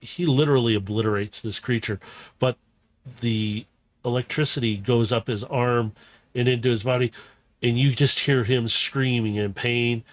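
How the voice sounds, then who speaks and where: A male game master narrates a tabletop role-playing game at a slow, unhurried pace. He describes scenes haltingly, often reaching for words. His mid-pitched voice sounds dry and close. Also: dry recording.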